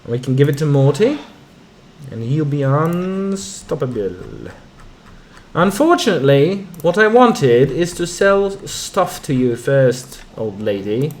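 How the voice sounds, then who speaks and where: A man's voice: on the high side, big pitch swings, slow, slight background noise. A man casually commenting on a game he is playing, reading its text aloud with muttered asides. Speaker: game streamer. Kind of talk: casual let's-play commentary. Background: game music.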